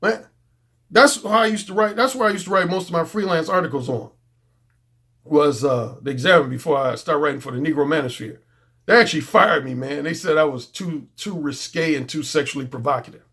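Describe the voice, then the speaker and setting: A man's voice: fairly high pitch, fairly quick, a bit bright, breathy edge. Blunt, profane middle-aged man. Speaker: dating coach. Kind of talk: casual unscripted monologue.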